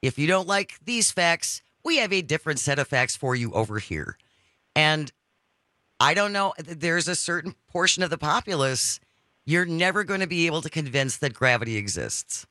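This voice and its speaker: A woman hosting a call-in radio show. Her delivery is animated and bright as she reads texts and greets callers. The studio sound is close and dry. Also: low voice, moderate pace, dry recording. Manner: lively, reads listener texts aloud. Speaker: radio talk show host. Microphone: studio microphone.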